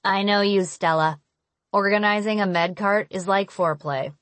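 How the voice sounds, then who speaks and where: A woman's voice: mid-range voice, moderate pace, a bit bright, no echo, lightly acted. A woman voicing a teasing teenage boy who ribs his friend. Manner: teasing, wry. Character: teasing young man, a teen best friend. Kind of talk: audiobook character reading.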